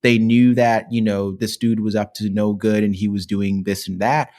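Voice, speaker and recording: A podcast co-host telling a story in casual, animated chat, full of "you know"s and laughter. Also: medium pitch, normal speed.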